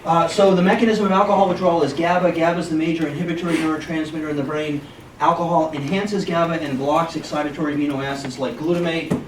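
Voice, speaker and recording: A man speaks as a physician at a hospital conference, telling jokes and then lecturing in a casual, conversational way. His voice sits a little high for a man. The sound is distant and echoey, with room noise in the background. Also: fairly even intonation, quick pace. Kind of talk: medical conference talk.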